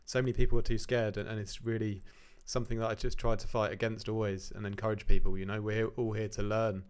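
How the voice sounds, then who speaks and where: A man's voice: lowish voice, little pitch movement, fast talker, a little mellow, clean tone. A man hosting a livestream, giving chatty, encouraging feedback on remixes with frequent restarts. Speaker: livestream host reviewing remixes. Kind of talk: casual livestream commentary.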